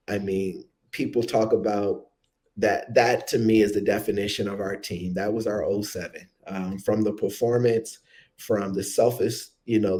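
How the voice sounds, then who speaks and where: A man in his thirties, a former college football player, recounting a game in a reflective, halting way with many fillers. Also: fairly low pitch, dark tone, dry recording, low-quality recording. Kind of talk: casual interview storytelling.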